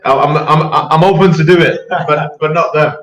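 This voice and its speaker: A British project team member hosts a community AMA in a casual, echoey voice chat, with his high-side voice fairly even, moderately paced, and fairly bright, plus a little hiss or hum. He's talkative and chatty, repeating words, restarting often, and laughing easily.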